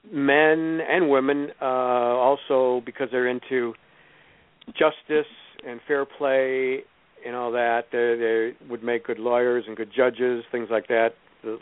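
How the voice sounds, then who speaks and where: A man's voice: medium pitch, level tone, takes it slowly, clear, resonant tone, no echo. A man explaining astrology as a radio guest, rambling and repeating words as he thinks. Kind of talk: explaining astrology on a call-in show. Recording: tinny phone line, dry.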